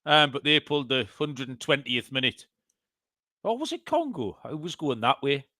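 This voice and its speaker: A man's voice: medium pitch, big pitch swings, normal speed, bright, forceful tone, dry recording, studio quality. A man co-hosting a betting podcast in casual chat, joking and swearing. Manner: swears, laughs often, jokey. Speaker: podcast co-host.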